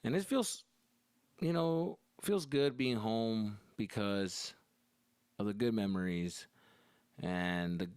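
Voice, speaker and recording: A man from Arizona, a comedian, telling profane, animated stories in a casual podcast monologue. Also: lowish voice, slow pace, long pauses, smooth, no echo.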